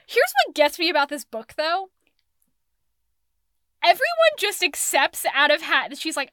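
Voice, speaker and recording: A young woman with a high, bright voice that swoops up and down, chatting about a book as a co-host. She swears freely and acts out the characters she quotes. The sound is dry and close. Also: lively intonation, moderate pace, no room sound. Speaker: podcast co-host. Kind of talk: casual book discussion.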